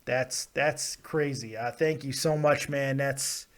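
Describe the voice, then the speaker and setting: A man hosting a live call-in show, talking in a loud, blunt and profane way and laughing often. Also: medium pitch, steady tone, takes it slowly. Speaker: host of a wrestling call-in show. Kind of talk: casual live call-in chat.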